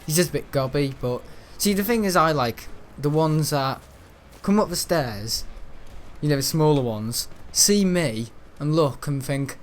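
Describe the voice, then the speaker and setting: A man's voice: fairly high pitch, lively intonation, measured pace, a little hiss or hum. Chatty young guy rambling. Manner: chatty, storytelling, mimics the people he talks about. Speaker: gaming channel host. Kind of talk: casual rambling chat over gameplay.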